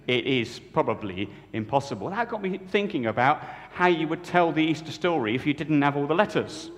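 A man's voice: a little high, a little fast. A man preaching in a church, telling a story playfully and leading the congregation with jokes. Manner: jokey, lively, leads the congregation. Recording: echoey church hall.

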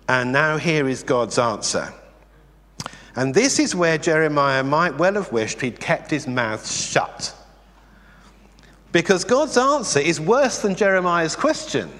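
A man preaching a sermon in a conversational, animated way, asking the congregation rhetorical questions. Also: a little high, slow pace. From England. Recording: long reverb in a hall.

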